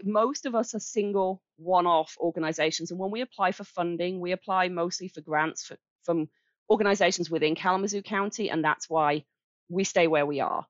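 A woman's voice: on the low side, dry recording, muffled recording. A woman from England with a Birmingham accent, speaking as a charity director in a casual interview, explaining things in a friendly, plain-spoken way. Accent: Birmingham English.

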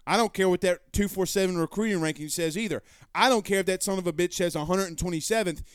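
A man hosting a sports talk stream, reading viewer comments aloud and answering them in a loud, passionate, blunt way with some swearing. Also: high-pitched, fast, clear, resonant tone, no echo, studio quality. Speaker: sports show host. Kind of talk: live-stream chat reading.

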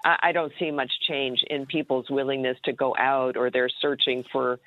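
A woman news commentator calling in on a dry, tinny phone line. She reasons aloud in a measured way and hedges her points. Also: a bass voice, little pitch movement, dry recording. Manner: measured, hedging, thinking aloud.

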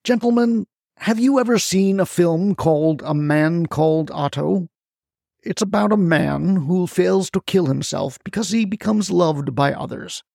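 A man's voice: sits high, measured pace, creaky, a little mellow, no room sound, studio quality, pitched above the performer's own voice, exaggerated voice. A man doing a cool, scheming crime boss. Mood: fatalistic. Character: scheming male landfill mogul, calm and fatalistic.

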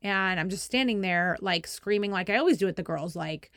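A woman in her thirties hosting a podcast, telling a story in a lively, self-mocking way and acting out shouted lines. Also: mid-range voice, brisk, few pauses, no room sound, clean studio sound. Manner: animated, self-deprecating, acts out shouted quotes. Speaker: podcast host. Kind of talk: casual storytelling.

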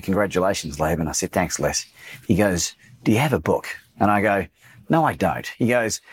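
An Australian coach, appearing as a guest on a podcast interview, tells a personal story in a fairly low voice with a breathy edge. He's an animated storyteller who acts out the quoted lines of other people.

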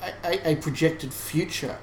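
A man talks through a casual podcast discussion in a thoughtful, analytical way, often restarting his sentences. His voice sits a little high. The recording sounds roomy, with a faint hiss underneath. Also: moderate pace. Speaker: podcast co-host.

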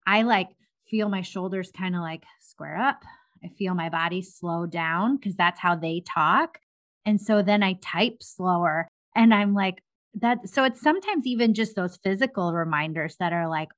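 A woman hosting an interview, speaking in a relaxed, reflective way and often saying "like". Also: fairly low pitch, moderate pace. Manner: conversational, reflective, uses "like" often. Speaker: podcast host. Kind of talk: casual interview chat.

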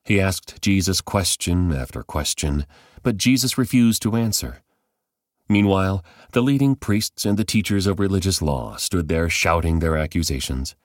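A man reading a Bible passage aloud as measured, scripted narration. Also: low voice, dry recording, studio quality. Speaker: Bible reader.

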